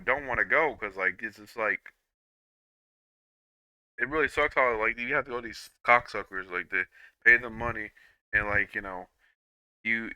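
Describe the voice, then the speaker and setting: A young man rambling through a personal monologue, halting with frequent restarts and repeats, swearing freely, on a dull lo-fi recording. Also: on the low side, sharp tone, clean tone, no room sound.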